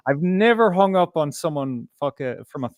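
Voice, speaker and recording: A man's voice: fairly high pitch, animated, moderate pace, no room sound. A man co-hosting a podcast, chatting casually and telling rambling stories full of swearing. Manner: profane, rambling anecdotes. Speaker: podcast co-host. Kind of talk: casual chat.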